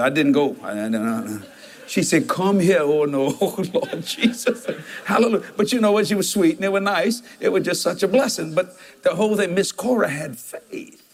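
A man's voice: fairly high pitch, animated, a little fast. A man, preaching a storytelling sermon and jumping into quoted voices with laughter.

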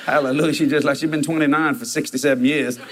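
A man's voice: a little high, fairly even intonation, fast talker, slight background noise. A man, preaching a storytelling sermon and jumping into quoted voices with laughter.

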